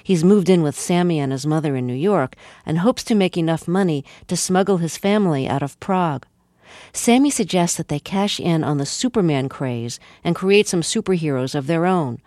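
A woman radio host reading a calm, clear, scripted introduction of her guest. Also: low-pitched, moderate pace, dry recording, clean studio sound.

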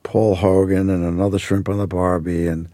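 Deep mellow guy in his 40s, american accent, rambly storytelling, dry studio sound. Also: flat delivery, normal speed, no room sound. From Australia. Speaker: actor guest. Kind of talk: relaxed interview chat.

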